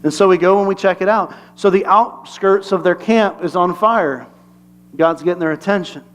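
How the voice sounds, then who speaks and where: High-voiced pastor preaching conversationally. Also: male voice, normal speed. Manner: conversational, humorous, asks the congregation questions. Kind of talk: sermon.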